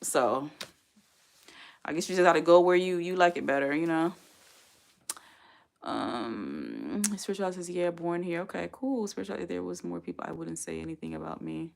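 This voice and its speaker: A woman chats loosely with her live viewers and reads their comments aloud. Her voice sits a little low, and she talks in an easygoing, rambling way. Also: expressive, normal speed, gravelly. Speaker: livestream host. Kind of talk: casual live-stream chat.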